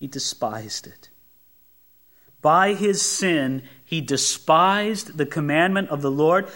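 Speaking slowly with a fairly high pitch, a male pastor gives an expository sermon full of emphasis. He asks his congregation rhetorical questions and moves back and forth between loud climbs and quiet dips.

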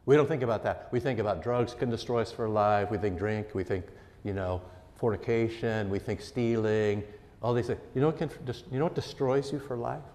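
A man delivers a sermon in a fairly low voice, pressing his points with emphatic swells and quiet drops. The hall around him carries a long, lingering reverb. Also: brisk. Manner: earnest, emphatic preaching with swings in loudness. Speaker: pastor.

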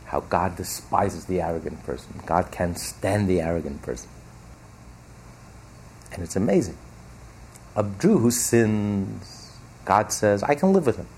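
A man's voice: low voice, animated, slow pace, pauses often, a little mellow, a little hiss or hum. A man teaching as a rabbi, giving an emphatic religious lecture full of rhetorical questions and repetition.

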